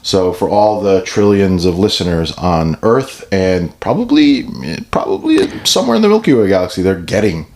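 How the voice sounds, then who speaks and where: A man's voice: deep voice, big pitch swings, normal speed, few pauses, darkish tone, a little hiss or hum. A middle-aged man co-hosting a podcast in casual chat, jokey and teasing, fond of doing silly voices. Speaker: podcast co-host.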